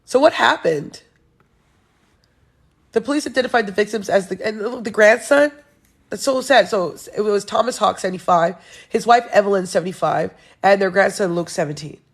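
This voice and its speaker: A woman's voice: mid-range voice, normal speed. A young woman hosting her own show, reading news headlines aloud and reacting with blunt, sarcastic remarks and frequent laughs. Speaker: show host.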